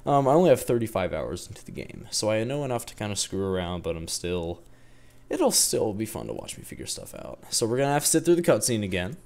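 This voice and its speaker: A man hosting a gaming channel, giving excitable let's-play commentary and talking to himself, recorded in a dark room at home at night. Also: on the low side, quick pace, gravelly. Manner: excitable, exclaims often, talks to himself.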